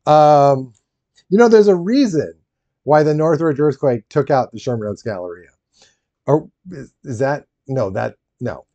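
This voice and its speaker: Animated, rambling man chatting while building. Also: medium pitch, measured pace, no room sound, lo-fi sound. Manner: rambling, animated, laughs often, talks to chat. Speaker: streamer building a Lego set. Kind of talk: casual live-stream chat.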